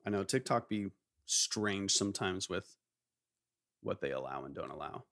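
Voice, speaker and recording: A man hosting a live stream in casual chat, upbeat and quick to praise. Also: deep voice, animated, a bit bright. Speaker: live stream host reviewing music submissions.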